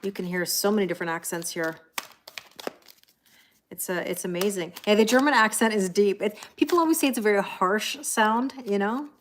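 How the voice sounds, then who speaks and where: A woman's voice: mid-range voice, brisk, slight background noise. Chatty woman on a live stream. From Canada. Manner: chatty, laughs often, reads viewer comments aloud. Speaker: tarot reader. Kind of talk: casual live-stream chat.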